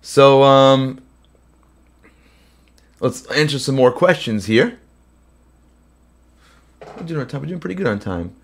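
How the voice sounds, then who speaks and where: A man's voice: medium pitch, lively intonation, takes it slowly, gravelly, long pauses. Sick-voiced man hosting a live Q&A. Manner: rambling, filler-heavy chat. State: under the weather, voice cracking. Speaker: host. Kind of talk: live Q&A with singing. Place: home recording studio. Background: guitar playing.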